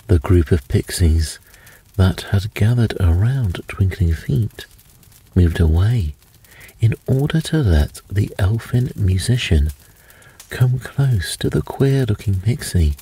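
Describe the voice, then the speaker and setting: Deep-voiced man reading a bedtime story. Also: expressive, takes it slowly, slightly rough, rough recording. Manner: soothing, gentle.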